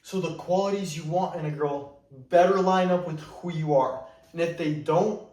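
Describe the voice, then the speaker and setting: A man's voice: on the high side, moderate pace, a little mellow. Blunt man coaching, echoey and distant. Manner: blunt, emphatic, repeats "you better". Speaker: dating coach. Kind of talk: direct-to-camera advice monologue. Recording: roomy echo, mic at a distance.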